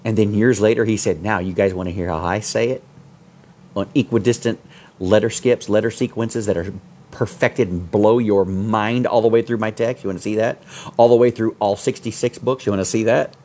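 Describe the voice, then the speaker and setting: A man preaching a sermon as pastor, fiery, swinging from loud peaks to low asides. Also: steady tone, brisk.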